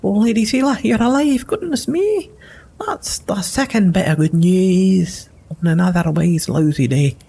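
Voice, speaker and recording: A man's voice: sits high, animated, a little slow, gravelly, mellow, husky, pitched above the performer's own voice, heavily acted. A man voicing a sheepish young male halfling rogue who stammers and gets flustered in a video game.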